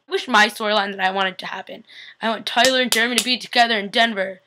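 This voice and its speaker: A young woman talking excitedly into a webcam at home, breathless and gushing as she recaps. Her voice is bright and a bit sharp, with a gravelly fry underneath. She slips into quick little voices when she quotes people. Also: fairly high pitch. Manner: chatty and gushing, acts out quotes. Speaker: vlogger recapping a TV episode. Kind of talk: casual chat.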